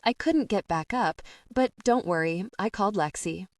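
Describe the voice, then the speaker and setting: A woman's voice: medium pitch, expressive, moderate pace, no room sound, studio quality, distant mic, close to an everyday voice. A woman voicing an older father who has fallen and keeps insisting he is fine. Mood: reassuring. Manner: downplaying, reassuring.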